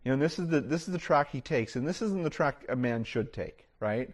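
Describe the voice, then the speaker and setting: A middle-aged male pastor delivering a sermon in a casual, conversational way. His voice sits at an ordinary pitch for a man. He often restarts his sentences and leans on "you know.". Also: expressive, moderate pace, breathy edge.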